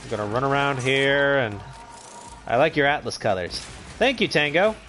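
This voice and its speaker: A man's voice: medium pitch, lively intonation, moderate pace, a bit bright, soft background music. A man hosting a gaming channel, giving laid-back, rambling commentary while he plays and chats to viewers. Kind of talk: casual gameplay commentary.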